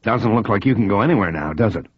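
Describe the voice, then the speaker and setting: A man's voice: lowish voice, animated, fast, no room sound, highs cut off. A man voicing a bullying federal agent who threatens in a sneering way. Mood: menacing.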